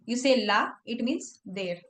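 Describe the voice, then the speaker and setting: A woman's voice: a little high, measured pace, fairly bright tone, reverberant. A woman teaching French one-on-one, explaining patiently step by step with examples. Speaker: French tutor. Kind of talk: one-on-one language lesson. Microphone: online class.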